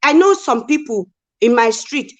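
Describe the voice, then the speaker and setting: A woman talks in a casual live chat, pressing her points with rhetorical questions. Her voice sits fairly high. The sound is close and dry, with no room around it. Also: normal speed, no echo, highs cut off. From Nigeria. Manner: emphatic, animated, rhetorical questions. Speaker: co-host.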